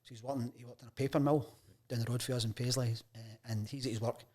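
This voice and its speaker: Scottish man telling lively anecdotes. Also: mid-range voice, fast talker. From Scotland. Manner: lively anecdotes, acts out quoted voices. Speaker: guest, sports journalist. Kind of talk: casual storytelling interview.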